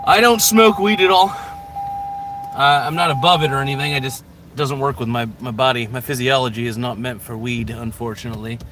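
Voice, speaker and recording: A man's voice: medium pitch, steady tone, normal speed, background noise. A man rambling and joking crudely with lots of swearing while he vlogs live from inside his car, talking to a camera mounted in the car. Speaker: vlogger. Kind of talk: casual live-stream vlog while driving.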